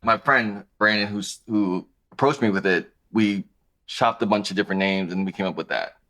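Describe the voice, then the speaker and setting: A man in his thirties, a podcast guest talking about his clothing brand in a relaxed, conversational way. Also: fairly low pitch, moderate pace. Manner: relaxed, conversational, thinks aloud with restarts. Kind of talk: casual interview chat.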